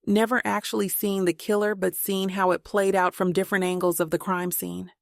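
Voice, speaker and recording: A woman narrating a suspense thriller audiobook in a steady, measured reading. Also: medium pitch, vocal fry, no room sound, studio quality.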